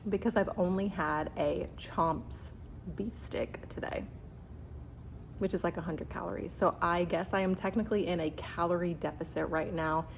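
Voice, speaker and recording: A woman's voice: lowish voice, slight background noise. Bubbly young woman vlogging in an echoey room. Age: 20s. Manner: chatty, bubbly, lots of "like" and "um". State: out of breath. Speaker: lifestyle vlogger. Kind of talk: casual vlog chat. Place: gym.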